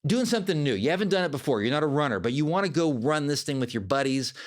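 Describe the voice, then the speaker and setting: A man hosting a podcast as a life coach, giving a motivational monologue in an animated, conversational way. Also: a little high, fast.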